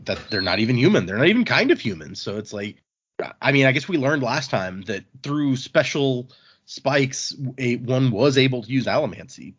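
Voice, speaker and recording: A man recaps a story in casual podcast chat, his pitch lively and bouncing. His voice is a bit husky. The audio sounds dull and muffled. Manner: retells scenes, quoting characters in quick asides. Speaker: podcast host summarizing chapters.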